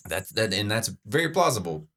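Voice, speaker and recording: Deep voiced guy hosting a podcast, chatty and excited, lots of ums. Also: fairly quick. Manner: chatty, enthusiastic, frequent fillers and restarts. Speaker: podcast host. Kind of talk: casual chat breaking down a trailer.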